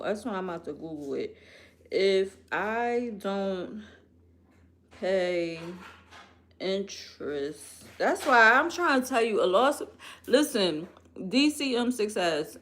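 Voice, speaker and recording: A young woman chats loosely on a live stream, speaking right to her viewers. She takes her time and lets her thoughts wander from one to the next, rambling in no hurry. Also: medium pitch. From Philadelphia, US. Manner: chatty, rambling, talks straight to viewers. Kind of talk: casual live-stream chat.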